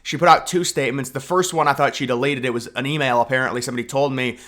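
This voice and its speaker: A man's voice: mid-range voice, fairly even intonation, fast talker, fairly bright tone. A young man giving casual political commentary in a mocking, sarcastic way, often restarting his sentences.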